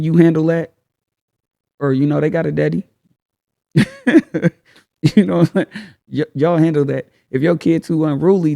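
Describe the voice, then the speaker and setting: A man's voice: on the high side, vocal fry, dark tone. A man hosting a casual advice talk, speaking frankly in slang and firing off rhetorical questions. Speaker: host.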